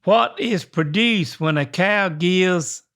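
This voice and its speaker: An older man with a Southern American accent, telling jokes and reading listener emails slowly and drily in a casual podcast chat. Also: sits high, a bit bright. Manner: slow, dry joke-telling, reads emails aloud. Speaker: co-host, reads listener emails.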